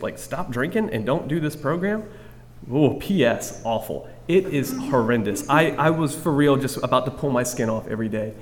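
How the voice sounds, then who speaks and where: A man sharing his recovery story candidly with a group, self-mocking and rambling, full of restarts. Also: mid-range voice. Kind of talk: candid personal testimony to a group. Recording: long reverb of a hall.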